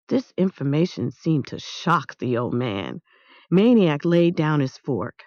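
A woman reading a storybook aloud as its narrator, in an expressive, animated way, in a dull, dry recording. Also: deep voice, unhurried, dry recording. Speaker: audiobook narrator.

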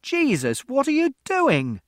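A man's voice: on the high side, sing-song, slow, dry recording, studio quality, exaggerated voice. A man voicing an angry, swearing middle-aged commuter who curses in exasperation. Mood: shouting. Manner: shouting, exasperated cursing.

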